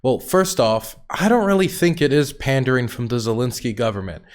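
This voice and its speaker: A man's voice: mid-range voice, big pitch swings, a little fast. A man hosting his channel, giving direct, explanatory commentary to camera. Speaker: host.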